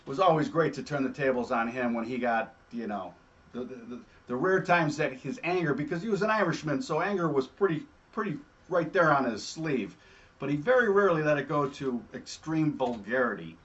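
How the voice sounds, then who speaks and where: A man hosting a show, telling stories in a casual, animated way and often adding "all right?". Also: mid-range voice, fairly quick, muffled recording. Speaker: host. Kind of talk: casual storytelling.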